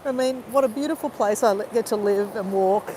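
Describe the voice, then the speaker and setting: A woman's voice: mid-range voice, brisk, warm tone, a little hiss or hum, poor audio. A woman vlogger crying as she talks, rambling with lots of "you know" while on a walk outdoors. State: tearful, crying. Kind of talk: emotional live-stream monologue.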